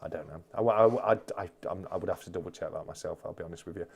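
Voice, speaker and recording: A man's voice: low-pitched, fast talker, gravelly, breathy edge. A man hosting a casual live-stream chat, reading out viewer comments and rambling with many restarts.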